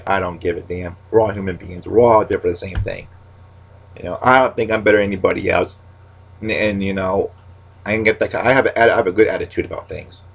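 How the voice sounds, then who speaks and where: Low, gravelly man rambling to camera. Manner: rambling, with many restarts and catchphrases; goes quiet and subdued when talking about loss. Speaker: stand-up comic. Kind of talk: casual talking-to-camera monologue.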